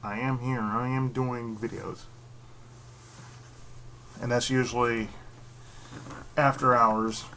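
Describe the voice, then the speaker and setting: A man ranting in a casual vlog from his bedroom, rambling and sarcastic, who keeps slipping into mocking high voices and laughing. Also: steady tone, slow, pauses often, pushed and bright, a little hiss or hum. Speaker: YouTube channel host. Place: his own bedroom setup.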